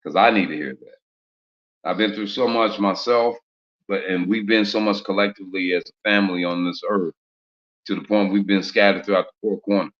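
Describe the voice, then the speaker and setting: A man's voice: sits low, fairly even intonation, brisk. A man giving an informal preaching talk in streetwise slang, firing off rhetorical questions. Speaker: religious speaker. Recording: muffled lo-fi recording with roomy echo.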